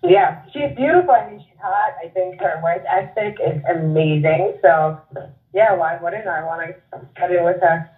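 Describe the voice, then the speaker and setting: A woman's voice: lowish voice, lively intonation, normal speed. Female guest, Long Island accent, giggly and blunt, thin phone-line audio. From Long Island, New York. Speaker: guest fighter. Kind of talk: casual interview chat. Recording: tinny phone-line sound.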